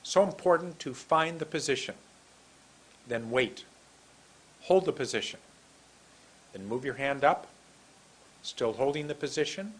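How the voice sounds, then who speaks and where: A man teaching English pronunciation in a recorded lesson, speaking slowly and deliberately and drilling single words aloud for the learner to repeat. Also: mid-range voice, a bit bright, husky, poor audio.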